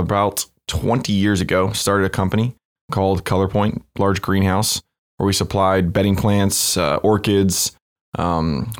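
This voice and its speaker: A young man from the United States with a fairly low voice, appearing as a guest on a casual podcast. His delivery is relaxed and easygoing, and he tells his story in a loose, conversational way. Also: smooth. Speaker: startup co-founder, podcast guest.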